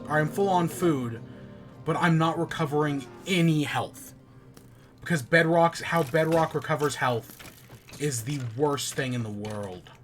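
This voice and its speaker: A man's voice: a little high, a little slow, soft background music. A man hosting a podcast, grumbling and swearing while he plays a game and chats casually. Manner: grumbling, swearing, frustrated muttering. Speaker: podcast host playing a game while chatting. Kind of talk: casual gaming chat.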